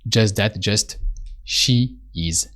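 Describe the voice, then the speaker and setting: A man giving a spoken language lesson, patiently repeating prompts and pausing for the listener to answer. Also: on the low side, fairly bright tone. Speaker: French teacher.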